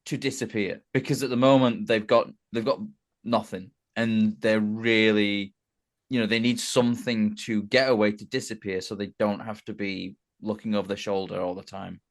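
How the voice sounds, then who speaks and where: A man on a podcast, speaking in a fairly low voice. He talks in a measured, unhurried way with a deadpan streak. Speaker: podcast co-host. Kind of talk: casual movie discussion.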